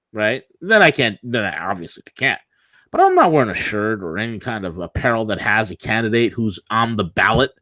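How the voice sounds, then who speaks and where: A combative, sarcastic man co-hosting a political talk show. He rants in a middle-pitched voice, and the studio sound is dry and close. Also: sharp tone, no room sound.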